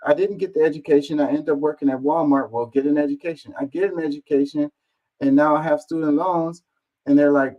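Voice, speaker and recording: A man's voice: fairly high pitch, brisk, dull audio. A man reading online comments aloud and answering them in an exasperated, casual rant, swearing and firing off rhetorical questions.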